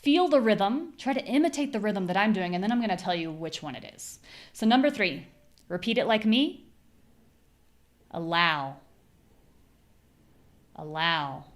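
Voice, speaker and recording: American woman, live pronunciation teacher, clear and patient, punches stressed syllables when demonstrating. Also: medium pitch, expressive, a little fast. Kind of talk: live online class.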